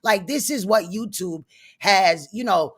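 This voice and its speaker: A woman's voice: medium pitch, measured pace, fairly bright tone, breathy edge. A woman hosting reaction commentary, scornful and mocking. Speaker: commentary host.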